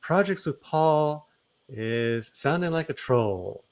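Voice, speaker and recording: A man's voice: a little high, animated, takes it slowly. A man hosting a livestream, reading chat comments aloud with easy laughter.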